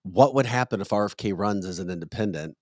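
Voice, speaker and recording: A man's voice: fairly low pitch, fast talker, a little mellow, no room sound, studio quality. Emphatic joking male podcast host. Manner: emphatic, joking, lectures in a scolding tone. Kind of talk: casual political chat.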